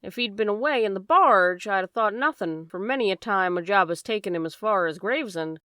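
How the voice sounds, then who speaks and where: A woman's voice: mid-range voice, animated, a little fast, bright, forceful tone, clear, resonant tone, dry recording, studio quality. A woman voicing an anxious, chatty boatman's wife, in an audiobook. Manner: homely, dropped endings, worried run-on talk.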